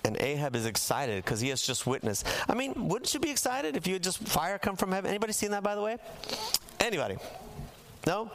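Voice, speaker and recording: A man's voice: high-pitched, big pitch swings, a little fast, a bit bright. A man preaching a sermon in a church, telling a Bible story with humor and acting out the characters' lines for the congregation. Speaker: pastor. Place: church sanctuary.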